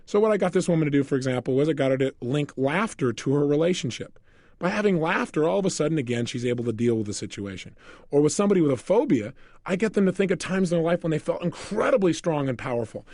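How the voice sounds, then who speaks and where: Male self-help lecturer: quick, animated, high-pitched storyteller; close, dry studio sound. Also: dry recording. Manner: energetic storytelling, asks listeners questions. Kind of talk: recorded motivational lecture.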